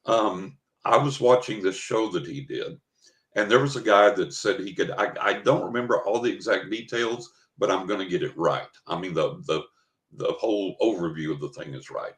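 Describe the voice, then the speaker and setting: A man's voice: deep voice, normal speed, a bit bright. An older man, a psychic guest in an interview, telling an anecdote casually and acting out the quoted dialogue. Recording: roomy echo.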